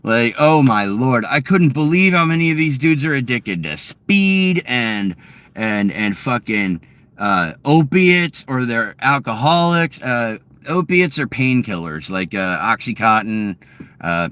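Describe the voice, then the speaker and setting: A man's voice: mid-range voice, expressive, measured pace, a bit bright, clean tone. Crude, rambling guy. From Massachusetts. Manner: crude, rambling, laughing, swearing. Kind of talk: casual chat to viewers.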